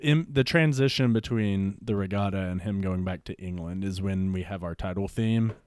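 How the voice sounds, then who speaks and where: A man's voice: deep voice, normal speed, a little mellow, clear, resonant tone. A man co-hosting a podcast in casual chat, rambling with fillers as he tells the story. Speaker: podcast co-host.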